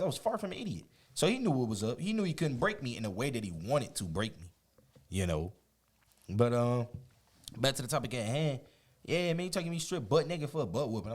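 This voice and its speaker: This man, a medium-pitched guest on an interview show, shares a personal anecdote. He's casual and animated, laughing often and acting out what people said.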